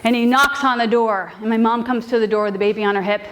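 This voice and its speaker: A woman telling a personal story to a live audience in an animated, casual way with frequent fillers. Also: fairly high pitch, fast.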